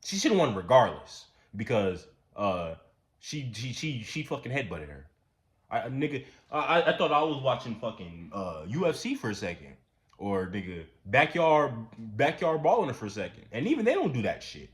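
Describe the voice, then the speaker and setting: A man giving a casual, profane, ranting commentary, repeating himself and getting louder when worked up. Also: medium pitch, moderate pace. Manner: animated, repetitive, profane, rising to near-shouts when worked up. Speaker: commentary channel host.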